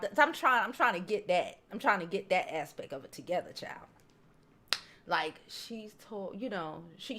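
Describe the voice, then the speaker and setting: A woman hosting a loose, profane gossip show from home, talking straight to her viewers. Her voice sits at an everyday middle pitch. She jumps from loud, animated bursts down to low, almost murmured asides. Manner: candid, blunt and profane, calls listeners "child" and "y'all". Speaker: host. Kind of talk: casual gossip chat reading viewer comments. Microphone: home streaming setup, waiting on new mics.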